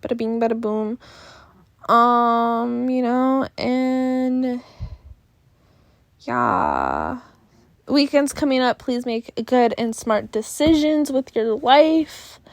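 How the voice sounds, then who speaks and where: A woman's voice: fairly high pitch, sing-song, extremely slow, gravelly, dry recording. Sleepy, yawning young woman podcasting. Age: young adult. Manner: tired, sighing and yawning, rambling with many fillers. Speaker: podcast host. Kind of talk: casual solo podcast chat. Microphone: phone held close.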